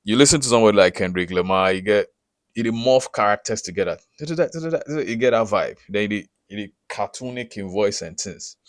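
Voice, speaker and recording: Guy, deep-ish voice, dry close sound, keeps asking if you get it. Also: a little fast, no room sound. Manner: checks in often with rhetorical questions. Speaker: recording artist teaching branding. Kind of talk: casual explainer to camera.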